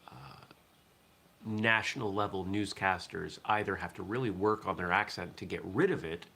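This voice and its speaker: A man from southern Maine hosts a relaxed morning stream. His voice sits fairly low but has a bright, forceful edge. He rambles easily and answers viewer comments as he goes. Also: breathy edge. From southern Maine, USA. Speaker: host of a martial arts morning show. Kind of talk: casual live-stream chat.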